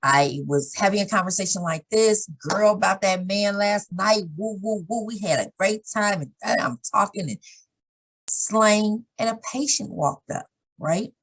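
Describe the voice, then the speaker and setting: A woman guest in casual conversation, telling candid stories in an animated way. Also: mid-range voice, measured pace, poor audio. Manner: animated, acts out others' lines in changed voices; candid, swears now and then.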